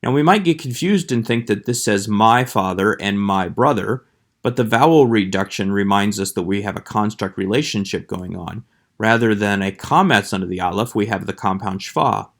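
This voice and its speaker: Lower-voiced man teaching Hebrew grammar. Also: a bit bright. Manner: measured, slows to sound out Hebrew words. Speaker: Hebrew instructor. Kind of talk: scripted lecture voice-over.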